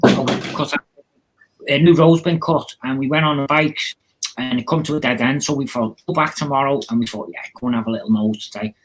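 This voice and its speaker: A man's voice: medium pitch, fairly even intonation, fairly quick, low-quality recording. A man, hosting a casual chat, friendly and rambling with many ums. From Liverpool. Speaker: live stream host.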